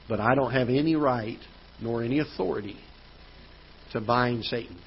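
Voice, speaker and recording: A male pastor delivering a sermon in a church auditorium, earnest, pressing points, then dropping quiet. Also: medium pitch, moderate pace, long pauses, lo-fi sound, slight background noise. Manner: earnest preaching with rising emphasis and quiet drops.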